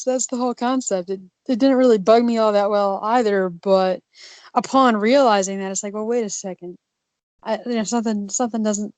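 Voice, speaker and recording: A woman's voice: mid-range voice, darkish tone, no room sound. Chatty woman podcast cohost, dry sound. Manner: rambling, many restarts and fillers. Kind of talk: casual podcast discussion.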